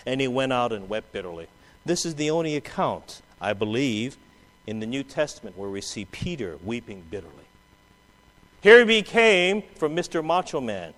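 A man's voice: animated, normal speed. Man preaching with sweeping dramatic delivery. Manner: dramatic, swings from loud quoted outbursts to low quiet asides. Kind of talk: sermon. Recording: long hall reverb.

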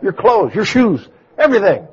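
A man preaching a sermon, swinging from booming exclamations to soft storytelling. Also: sing-song, moderate pace, noisy background. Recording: dull lo-fi sound.

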